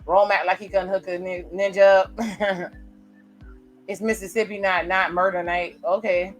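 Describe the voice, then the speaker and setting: A woman's voice: mid-range voice, flat delivery, measured pace, soft background music. A woman giving chatty, casual reaction commentary on a TV episode as she watches it. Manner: chatty, reacts aloud while narrating scenes. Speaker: reaction video host.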